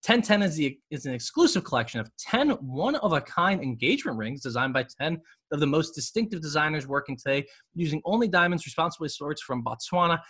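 A man's voice: a little high, expressive, a little fast, a bit bright, slightly rough. A man hosting a women's basketball podcast, reading ads and chatting casually with jokes and rambling asides. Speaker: podcast host. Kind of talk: casual sports podcast talk and ad reads.

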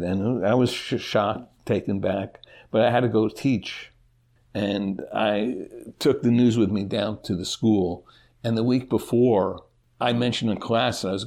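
A middle-aged man answers interview questions in a low voice with a gravelly, husky grain. He talks haltingly, restarting and repeating words as he goes, and the tone stays conversational. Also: darkish tone. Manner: halting, repeats words, self-deprecating laughs. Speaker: interview guest, teacher living with Parkinson's.

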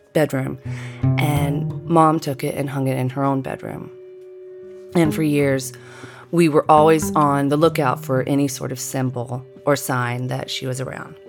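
A middle-aged woman narrating a personal story in a measured, deliberate way. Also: deep voice. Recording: guitar music underneath.

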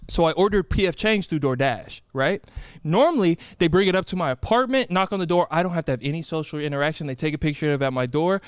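A young man on a podcast telling an animated, sweary story, acting out quotes and laughing often. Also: on the high side, quick pace, few pauses, smooth, no echo, studio quality. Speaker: podcast co-host. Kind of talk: casual storytelling chat.

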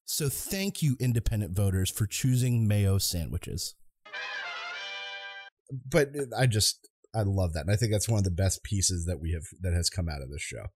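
A man's voice: low voice, normal speed, breathy edge, no echo, faint music behind. A man in his thirties co-hosting a casual podcast, telling stories animatedly and acting out voices. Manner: animated storyteller, acts out voices in anecdotes. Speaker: podcast co-host.

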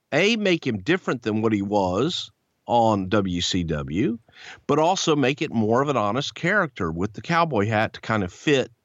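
A man with a Southern American accent telling a wrestling-business story, animated and swearing freely. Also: dry recording. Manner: animated, swears freely, acts out voices in a high pitch. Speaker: podcast guest. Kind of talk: casual storytelling. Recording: dull, lo-fi sound.

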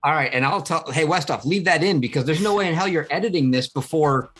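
A man's voice: a little high, fast, slightly rough, soft background music. A man co-hosting a casual late-night podcast over a remote call, joking lightly. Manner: lively, joking. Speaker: co-host.

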